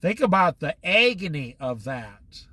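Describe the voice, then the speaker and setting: Recorded with no room sound, a Bible teacher on the Oregon coast speaks in a fairly high, slightly rough male voice at a measured pace. His casual talk is animated, full of acted-out little dialogues between people and God.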